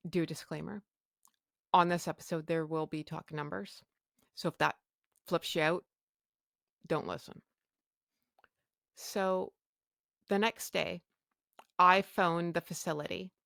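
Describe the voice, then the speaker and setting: A woman's voice: low voice, vocal fry, a bit bright, no room sound, studio quality. A woman hosting her podcast, telling a personal story frankly and bluntly, acting out the back-and-forth of conversations. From Canada. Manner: blunt, frank, acts out quoted dialogue. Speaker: podcast host.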